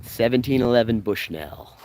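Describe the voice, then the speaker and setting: A man from Canada streams live while he strolls down a residential street outdoors. He jokes and talks straight to his viewers, loose and excitable, now and then bursting into higher, louder exclamations. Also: normal speed. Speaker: vlogger giving a filming-location walking tour. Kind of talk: casual live-stream walking tour.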